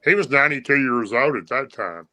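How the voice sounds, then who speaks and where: A man's voice: medium pitch, expressive, fairly quick, pushed and bright, dry recording, low-quality recording. A man with a Southern US accent, a guest telling a long story with many fillers and restarts. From Tennessee.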